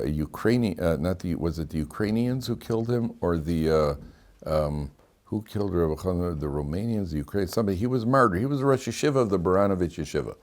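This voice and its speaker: A man, a rabbi giving a Torah class, telling stories with animation, acting out dialogue, wandering off on asides and asking rhetorical questions. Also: low-pitched. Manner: animated storyteller who acts out dialogue; digressive, with frequent restarts and rhetorical questions.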